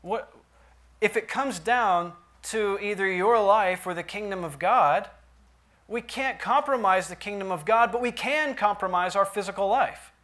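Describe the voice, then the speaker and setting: A pastor delivers his sermon in a church, his voice sitting a little high for a man. He drops low for quiet asides, then swells loud on the lines he stresses. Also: moderate pace. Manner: preaching with big swings from quiet to loud emphasis.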